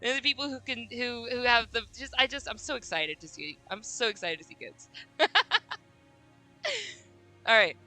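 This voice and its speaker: A woman streaming a game, chatting casually and reading dialogue aloud, giggling and gushing with squeaky quoted voices. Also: moderate pace, pauses often, pushed and bright, soft background music, low-quality recording.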